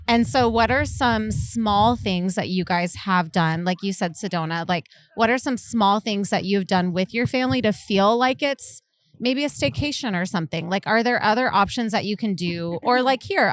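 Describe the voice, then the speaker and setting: A woman's voice: mid-range voice, no room sound. A woman hosting a podcast, chatting casually and asking her guests open questions. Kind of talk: casual chat.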